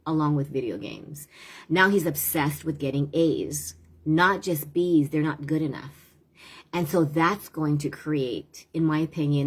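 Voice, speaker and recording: A woman's voice: sits low, husky. A woman tutor giving earnest parenting advice in a casual live-stream talk, often checking in with her listeners. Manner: earnest, conversational, often asks "right?".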